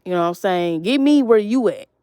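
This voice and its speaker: A woman's voice: mid-range voice, expressive, fairly quick, mellow, clear, resonant tone, no room sound, clean studio sound. A woman telling a long, rambling, profane story in an agitated monologue to camera.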